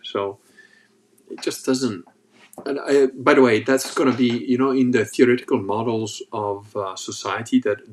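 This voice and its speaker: A man hosting a podcast, telling stories in a casual monologue. He rambles and swears, with lots of fillers. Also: lowish voice. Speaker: podcast host.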